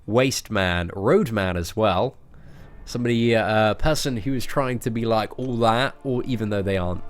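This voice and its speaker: A man's voice: on the low side, moderate pace, soft background music. An English man chatting casually on a game live stream, joking and often restarting his sentences.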